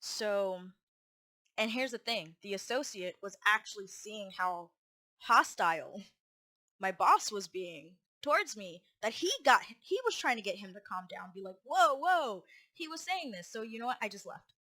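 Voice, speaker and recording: Bright-voiced woman telling a story. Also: mid-range voice, expressive, moderate pace. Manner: rambling, with restarts and acted-out quotes. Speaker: vlogger. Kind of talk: casual personal storytelling.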